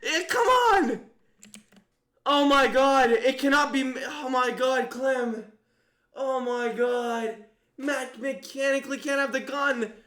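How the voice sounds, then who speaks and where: A young man commentates live on a mafia game he is playing, his voice very high and bright. He swings between disbelieving shouts and quick muttered reasoning, thinking out loud the whole way. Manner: excitable, exclaiming in disbelief, thinking aloud.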